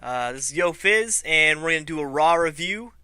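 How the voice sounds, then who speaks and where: A man's voice: on the high side, lively intonation, moderate pace, pushed and bright, clear, resonant tone, dry recording. A man hosting a casual review vlog, loose and laughing, swearing freely. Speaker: vlog host.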